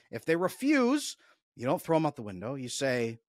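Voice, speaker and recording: A man's voice: medium pitch, huge pitch swings, moderate pace, no room sound, clean studio sound. A man coaching in a podcast discussion, explaining step by step in an emphatic, instructive way. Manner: emphatic, instructive, role-plays dialogue. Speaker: attachment coach.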